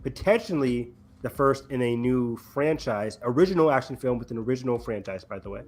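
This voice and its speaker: A man's voice: mid-range voice, lively intonation, a little hiss or hum. A man co-hosting a podcast, chatting casually about film news with lots of ums and restarts. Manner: rambling, halting with many ums. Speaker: podcast co-host. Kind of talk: casual chat.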